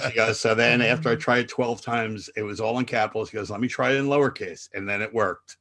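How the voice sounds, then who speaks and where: A man on a radio talk show, telling a funny story in a lively way and jumping into high voices for the people he quotes. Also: brisk, hardly any pauses. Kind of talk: casual radio chat, retelling a funny story.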